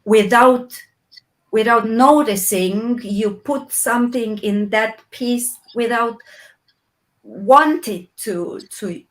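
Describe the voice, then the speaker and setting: A woman from Romania, a guest in an interview, speaking English slowly and reflectively with many pauses and restarts. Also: a little high, rough recording. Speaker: interview guest, puppeteer and actress. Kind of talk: slow reflective conversation.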